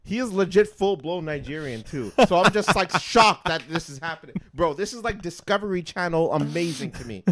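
A man co-hosting a podcast in casual chat, telling a story with lots of swearing, dropping to a mumble and then getting loud and worked up. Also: fairly high pitch, a little fast, few pauses. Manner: heavy profanity, excitable. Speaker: podcast co-host.

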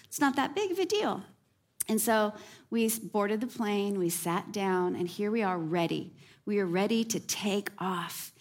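A woman pastor giving a sermon as a personal story, lively and animated, with self-deprecating humor. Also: medium pitch, unhurried.

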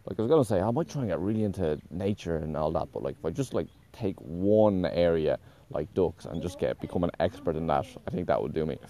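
A man's voice: sits low, lively intonation, quick pace, hardly any pauses, warm tone. A man talking in a casual, meandering monologue, correcting himself often and swearing offhandedly.

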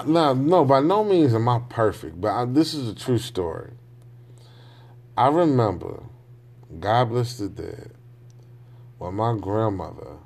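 A man talking in a loose, rambling monologue, frank and profane, often checking in with his listener. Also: medium pitch. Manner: loose, rambling, often asks "you know what I'm saying"; frank and profane, with slangy speech. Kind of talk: casual monologue.

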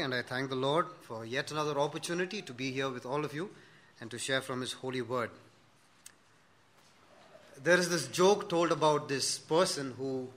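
A pastor with a high, bright voice delivers a sermon to his church. He tells stories animatedly, acts out the characters' lines, and presses his listeners with earnest questions. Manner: animated storytelling, acting out dialogue in a joke; earnest rhetorical questions to the congregation.

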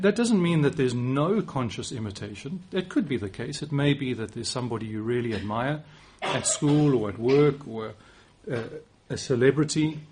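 A man's voice: medium pitch, darkish tone, a little hiss or hum. A man in his forties with a South African accent, giving a conversational sermon with occasional restarts and light self-deprecating humor. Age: 40s. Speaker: preacher.

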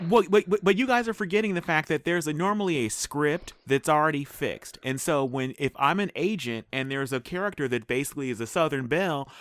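A man co-hosting a casual movie review chat, animated and quick to jump in with asides. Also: on the high side, dry recording. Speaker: podcast co-host.

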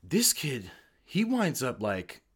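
A man, an army veteran, telling profane, animated stories in a casual chat. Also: medium pitch, takes it slowly, slightly rough.

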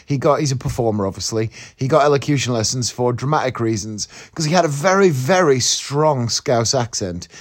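A man's voice: medium pitch, animated, fairly quick, few pauses. Groggy man with a slight northeast twang. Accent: slight northeast English. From northeast England. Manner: rambling, chatty, self-mocking. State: groggy, just woken up. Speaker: podcast host. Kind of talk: casual morning podcast monologue. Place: in bed at home.

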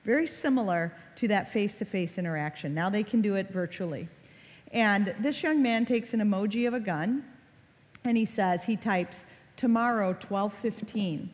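A woman's voice: medium pitch, normal speed, a little mellow. A middle-aged woman giving a public talk about social media safety, telling a story in a conversational, dramatic way with fillers. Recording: long hall reverb.

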